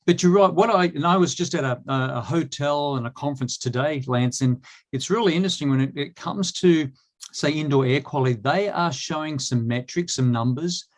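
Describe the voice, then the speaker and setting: A man's voice: a little high, brisk. A middle-aged Australian man talking as a guest in a casual online chat, hesitant with many fillers and restarts. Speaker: guest, cleaning industry expert.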